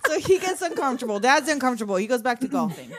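A woman's voice: high-pitched, very fast, a little hiss or hum. A woman in casual, profane chat, recapping a film's plot with wisecracks. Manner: wisecracking, profane, lively storytelling.

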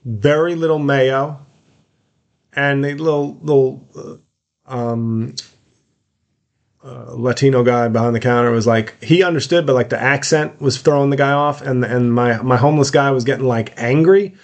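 A man's voice: medium pitch, moderate pace, creaky. A man hosting his own podcast and talking through a personal story in a loose, rambling monologue. His voice sits in an ordinary middle range. He keeps breaking off into fillers and restarts as he goes. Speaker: podcast host, comedian. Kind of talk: casual monologue.

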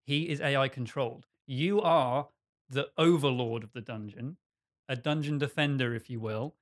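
A man hosting a podcast, pitching a game idea in a rambling, self-mocking way and laughing often. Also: moderate pace. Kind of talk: casual chat.

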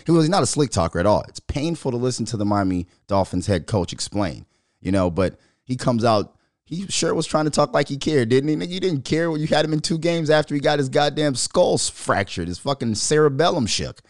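A man hosting his own podcast, talking sports in a loose, profane style, often laughing and getting loud. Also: mid-range voice, a little fast, no room sound, clean studio sound. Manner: loud, animated, laughing, swears a lot. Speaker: podcast host. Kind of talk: casual profane sports commentary.

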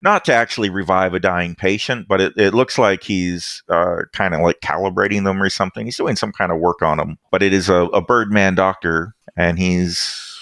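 A man narrating as game master of a tabletop game, easygoing and halting, with many fillers. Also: steady tone, fairly bright tone, dry recording, clean studio sound. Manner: easygoing, halting with fillers, brief squeaky voices for side characters.

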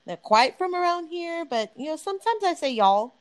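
A woman co-hosting a casual podcast chat, laughing often and talking in an animated way, now and then swearing. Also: very high-pitched, a little fast, low-quality recording. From Texas, US. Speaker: podcast co-host.

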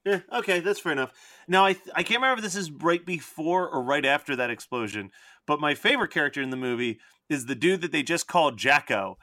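A man co-hosting a casual podcast about a movie, animated and laughing often, slipping into put-on accents. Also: on the high side, fast, no echo, studio quality. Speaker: podcast co-host. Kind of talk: casual movie review chat.

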